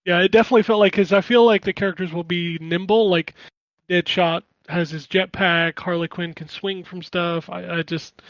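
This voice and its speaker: A high-pitched man chatting animatedly as a podcast co-host. His voice comes through a slightly dull, dry microphone with no room sound. He talks in an excited, exclamatory way. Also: moderate pace, dry recording. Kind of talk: casual chat.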